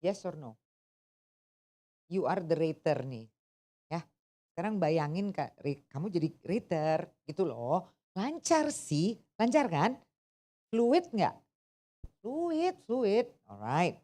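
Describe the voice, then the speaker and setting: Mellow woman tutor. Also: on the low side, big pitch swings, unhurried. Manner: switches between English and Indonesian, keeps quizzing listeners. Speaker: English test tutor. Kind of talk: workshop teaching.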